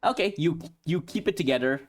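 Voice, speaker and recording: Running a sci-fi horror tabletop session, this game master speaks a little high and a little fast. He narrates the action and explains the rules steadily, frequently breaking off to restart phrases.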